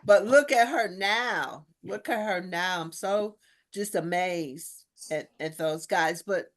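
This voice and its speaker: A woman's voice: lowish voice, takes it slowly. A woman, a guest minister, chatting casually with slangy, spiritual talk and acting out the voices of people in her stories. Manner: animated storyteller, acts out quoted voices. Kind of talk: casual chat.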